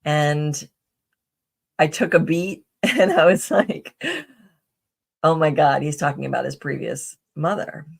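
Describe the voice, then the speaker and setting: A woman's voice: low-pitched, slow pace, creaky, pauses often, breathy edge. A woman guest on a podcast, telling personal stories in a casual, rambling way with many fillers and restarts. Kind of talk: casual conversational storytelling.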